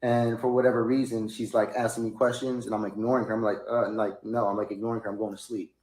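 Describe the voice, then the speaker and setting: A man telling a long personal story in a casual, rambling way, sometimes rising into high, loud bursts. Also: little pitch movement, fast talker. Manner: rambling, rising to high-pitched outbursts when quoting himself. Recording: echoey room.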